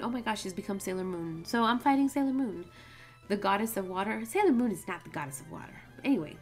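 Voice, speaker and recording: A young woman talks her way through a video game, chatty and easily sidetracked into long tangents. Her voice sits at an ordinary mid pitch. Faint music plays underneath. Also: fairly quick. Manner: chatty, rambling, goes off on tangents. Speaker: let's play host. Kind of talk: casual gameplay commentary.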